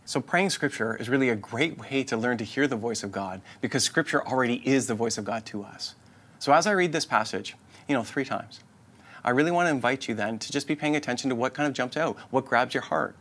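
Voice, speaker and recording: A man preaching as a pastor, earnest and inviting, often repeating himself for emphasis, and dropping to a soft voice to lead a prayer. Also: a little fast. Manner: earnest, repetitive, inviting phrasing; drops to a soft, low voice in prayer. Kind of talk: sermon.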